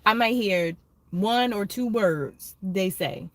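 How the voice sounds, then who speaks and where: A young adult woman chatting casually with viewers on her livestream, telling stories in an animated way and acting out what people said. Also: medium pitch, slow, no echo. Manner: chatty, animated storytelling with quoted voices. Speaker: livestream host.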